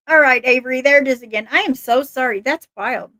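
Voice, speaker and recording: A woman hosting a casual live stream, talking in an excitable, rambling way and laughing often. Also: high-pitched, fairly quick, hardly any pauses, no room sound, studio quality. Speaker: livestream host.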